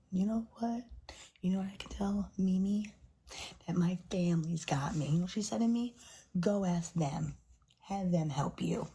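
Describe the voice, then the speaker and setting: A woman on a live stream whose voice is heavily breathy and husky. She talks low and slow, letting out gasped exclamations and sliding into whispers between lines. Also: mellow. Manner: overwhelmed, gasping exclamations, often whispering. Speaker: livestreamer. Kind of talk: live stream chat with viewers.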